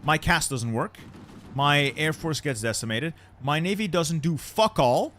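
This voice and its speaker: A man's voice: a little high, expressive, unhurried, fairly bright tone. A man commentating his strategy game play, exasperated and swearing as he rants about losing. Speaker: gaming channel host.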